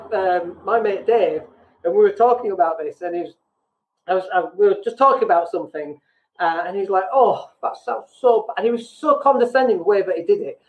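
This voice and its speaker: British man, podcast host, blunt, self-deprecating, high voice, tinny phone-like sound, echoey room. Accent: British English. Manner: blunt, self-deprecating, acts out quoted people. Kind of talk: casual business podcast talk.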